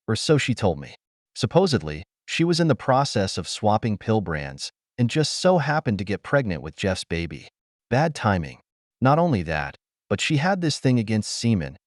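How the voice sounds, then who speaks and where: Lively low-voiced man telling a story. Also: no room sound, clean studio sound. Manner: animated storytelling. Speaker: story narrator. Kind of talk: first-person story narration.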